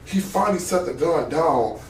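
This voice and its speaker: A man's voice: on the high side, animated, normal speed, reverberant, far from the mic, a little hiss or hum. A man giving a witness statement in a police interview, talking in an agitated, profane way and often repeating himself.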